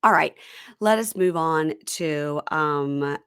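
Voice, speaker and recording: Chatty lower-voiced woman host. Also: slow, fairly bright tone, clean tone, dry recording, studio quality. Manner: chatty, mimics people in silly voices. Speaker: podcast host. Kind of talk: casual recap chat.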